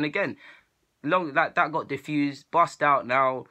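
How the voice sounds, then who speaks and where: A young man, telling stories to camera in a casual, slangy, animated way. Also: a little high, quick pace. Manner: animated, slangy, laughs at his own stories. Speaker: vlogger.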